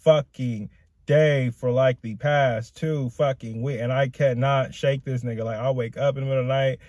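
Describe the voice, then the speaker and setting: A man's voice: medium pitch, fairly even intonation, moderate pace, darkish tone, no echo, clean studio sound. A young man venting to camera in a raw, profane, rambling rant that goes in circles. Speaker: vlogger. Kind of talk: emotional personal rant to camera.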